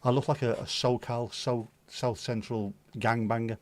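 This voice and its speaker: A man's voice: medium pitch, steady tone, normal speed. A man hosting a livestream in casual chat, reading viewer comments in a jokey, sweary, self-mocking way. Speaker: livestream host.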